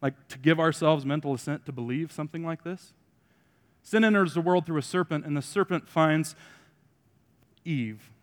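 A man preaching a sermon to a congregation, mixing joking asides with loud emphatic points and quiet remarks. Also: a little high, normal speed, long reverb tail. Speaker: pastor.

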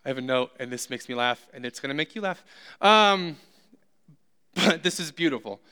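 A man's voice: medium pitch, animated, normal speed, pushed and bright, clean tone. A man preaching a sermon who tells humorous, self-deprecating stories. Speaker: pastor.

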